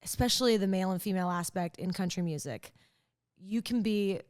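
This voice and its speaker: A young woman, a country singer, talking as a podcast guest in an animated, chatty way, full of fillers as she tells a story. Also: medium pitch, brisk. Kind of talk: casual interview chat.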